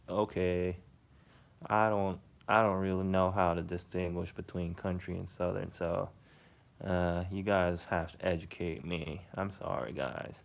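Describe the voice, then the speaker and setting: Casual livestream host, man from Korea, Korean-American English accent; low, unhurried, gravelly voice chatting with viewers. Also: level tone. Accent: mix of American and Korean English. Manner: chatty, answers chat, jokey. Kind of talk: casual live-stream chat with viewers.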